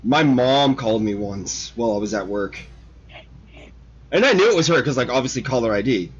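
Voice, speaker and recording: A man hosting a casual model-building stream, telling profane, animated stories in a relaxed chat. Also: medium pitch, fairly quick, muffled recording.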